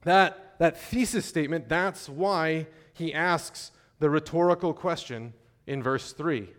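A male pastor preaching a sermon in a measured, conversational way, with fillers and restarts, slowing to stress key phrases. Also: on the high side. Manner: slows and stresses key phrases when reading scripture.

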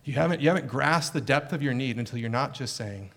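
A man's voice: medium pitch, fast talker, few pauses, a bit bright. A middle-aged male pastor preaching an earnest, emphatic sermon full of rhetorical questions. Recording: long hall reverb.

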